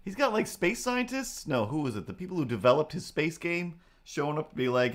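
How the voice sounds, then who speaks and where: A man's voice: fairly high pitch, sing-song, brisk, hardly any pauses. A man hosting his own livestream, chatting casually and playfully to himself and his cat in a rambling way. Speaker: livestream host.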